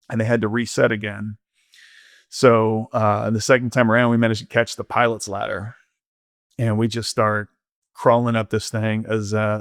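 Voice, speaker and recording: A man's voice: lowish voice, dry recording, studio quality. A man, a podcast guest, telling an ocean-rowing story candidly, rambling with lots of fillers. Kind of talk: casual storytelling interview.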